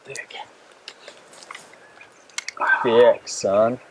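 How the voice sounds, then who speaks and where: A man hunting outdoors, talking excitedly and casually with his partner. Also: mid-range voice, extremely slow. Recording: distant outdoor mic with faint noise.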